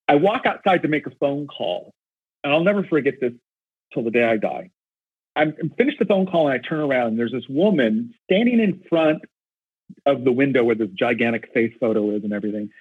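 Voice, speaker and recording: A man with a husky, slightly rough voice talks eagerly and at length, stumbling over and restarting his words as he tells a story. The sound is dry and squeezed through a narrow, phone-like band. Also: mid-range voice, no echo. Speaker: concert photographer. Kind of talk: storytelling in an interview.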